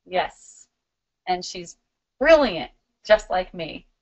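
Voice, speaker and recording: A middle-aged woman hosting a live spiritual question-and-answer stream, talking in a warm, giggly, loving way. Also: on the low side, sing-song, slow, muffled recording.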